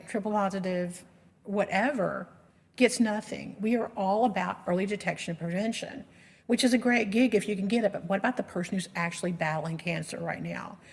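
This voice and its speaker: A middle-aged woman telling her story as a patient advocate in an earnest, emotional way, with frequent restarts. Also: mid-range voice. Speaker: patient advocate giving a presentation. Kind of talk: personal storytelling presentation. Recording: long reverb of a lecture hall.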